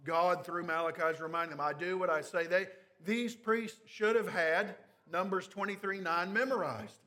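A man's voice: sits high, steady tone, normal speed, pushed and bright. A man pastor preaching an expository sermon, emphatic, stressing key phrases with wry asides.

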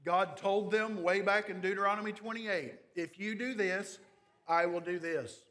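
A man's voice: high voice, moderate pace, fairly bright tone. A man pastor preaching an expository sermon, emphatic, stressing key phrases with wry asides.

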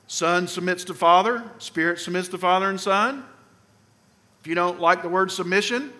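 A man preaching a sermon with emphasis, putting questions to the congregation and swinging between loud and soft passages. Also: sits high, fairly even intonation, moderate pace. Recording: long hall reverb.

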